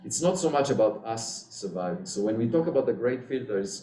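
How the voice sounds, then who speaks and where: A professor answering audience questions at a public science talk, explaining in an earnest way with lively rises and frequent "you know" fillers. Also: male voice, lowish voice, fast talker. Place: library event room. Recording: echoey room.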